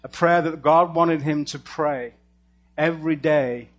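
A man preaching a storytelling sermon and praying aloud, animated and humorous, dropping to a hush and rising loud again. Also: a little high, a little slow. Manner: animated storyteller with sudden shifts between hushed and loud; casual and humorous, laughs at his own lines. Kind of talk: storytelling sermon and spoken prayer.

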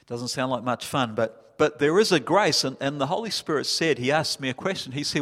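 A man's voice: medium pitch, lively intonation, fairly quick, few pauses, fairly bright tone. A man preaching a sermon in a conversational way, often asking his listeners questions. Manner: conversational, asks the congregation questions. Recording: reverberant hall.

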